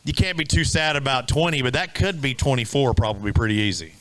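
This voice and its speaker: A man's voice: sits high, animated, a little fast, hardly any pauses, pushed and bright, low-quality recording. A man emceeing a live outdoor fishing weigh-in, bantering and teasing the anglers in an upbeat way. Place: outdoor lakeside weigh-in stage.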